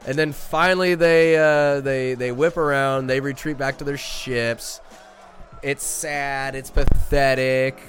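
A podcast host recaps a movie with loose, rambling enthusiasm, piling on fillers and quick jokes. His voice sits at a middling pitch. Faint music plays underneath. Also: steady tone, a bit bright.

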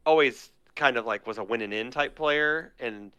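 A man co-hosting a podcast, rambling excitedly with lots of fillers in casual chat. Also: medium pitch, moderate pace, clean tone. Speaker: podcast co-host. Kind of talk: casual chat about a card game.

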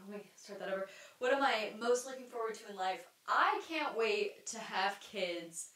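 A woman's voice: medium pitch, a bit bright. A young adult woman hosting a solo podcast, talking in a candid, rambling way with lots of fillers, restarts and casual swearing. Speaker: podcast host. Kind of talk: solo stream-of-consciousness podcast monologue. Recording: roomy sound, mic at a distance.

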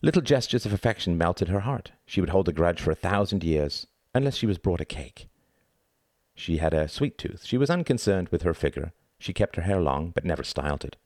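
Deep-voiced man narrating an audiobook. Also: no echo, clean studio sound. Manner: measured, expressive reading.

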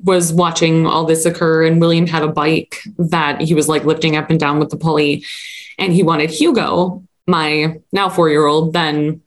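A woman's voice: low-pitched, little pitch movement, normal speed. A woman in her thirties co-hosting a podcast, chatting casually and laughing easily as she recaps a TV episode. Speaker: podcast co-host.

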